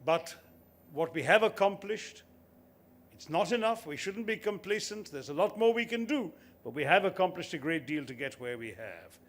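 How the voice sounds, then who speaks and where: A man's voice: high-pitched, expressive, normal speed. A man in his sixties giving an eloquent, formal convocation speech with emphatic lists. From India. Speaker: convocation speaker.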